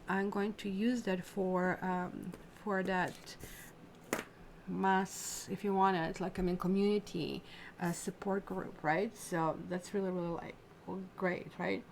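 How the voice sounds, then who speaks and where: A woman reads tarot cards on a casual livestream, chatting at length and speaking straight to her viewers. Her voice sits at an ordinary middle pitch. A faint hum of room sound stays behind her. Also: slow. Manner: chatty and rambling, addresses viewers directly; reacts to viewer comments. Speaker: tarot reader.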